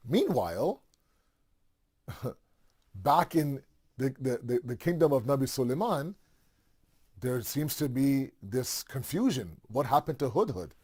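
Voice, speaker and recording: A man's voice: medium pitch, very animated, unhurried, long pauses, a little mellow, breathy edge. Man, religious storyteller, casual talk, lots of asides and fillers. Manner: conversational, full of fillers and asides.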